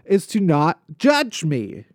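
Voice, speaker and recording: A man's voice: fairly high pitch, takes it slowly, no echo, clean studio sound. A man co-hosting a comedy podcast, ranting about everyday annoyances in a casual, joking way. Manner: animated ranting complaints. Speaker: podcast co-host. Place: podcast studio.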